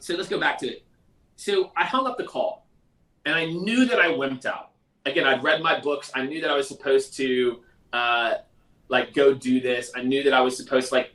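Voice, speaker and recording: A man hosting a live sales question-and-answer stream in a casual, energetic, conversational way. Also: normal speed. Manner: energetic, conversational, mimics others in a high voice. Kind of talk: casual livestream talk. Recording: roomy echo, mic at a distance.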